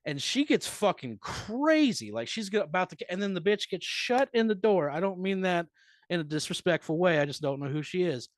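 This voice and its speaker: A man telling a profane, rambling comic story as a comedian guest on a live podcast, swinging between loud bursts and mutters. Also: high-pitched, normal speed, no room sound, clean studio sound. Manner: animated, profane, rambling anecdote with big swings in loudness.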